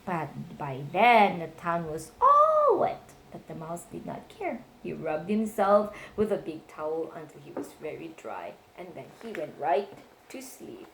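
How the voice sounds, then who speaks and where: Animated woman reading mouse stories. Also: unhurried, hardly any pauses, a little hiss or hum. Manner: animated, voices characters in high squeals. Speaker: reading stories to her nephew. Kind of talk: bedtime storybook reading aloud.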